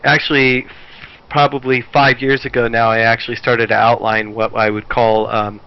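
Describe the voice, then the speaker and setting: A man's voice: mid-range voice, little pitch movement, moderate pace, clear, resonant tone. A man on a podcast explaining an idea casually, restarting his sentences often. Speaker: podcast panelist. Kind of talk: casual discussion. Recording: dull lo-fi audio.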